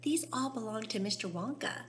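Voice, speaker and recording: A woman's voice: a little high, animated, moderate pace, fairly bright tone, slight background noise. A woman voicing an indulgent rich mother who speaks soothingly in a storybook reading.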